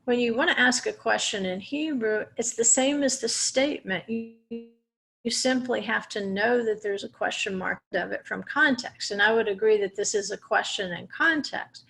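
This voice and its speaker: A woman's voice: a little high, moderate pace, vocal fry, a bit bright, soft background music. A woman teaching a Torah portion lesson, explaining Hebrew words step by step with small restarts. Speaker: Bible teacher.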